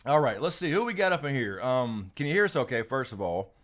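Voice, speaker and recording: A man's voice: mid-range voice, sing-song, brisk. A man hosting a casual live stream, rambling with lots of fillers and restarts, laughing often, and reading out viewer names and questions.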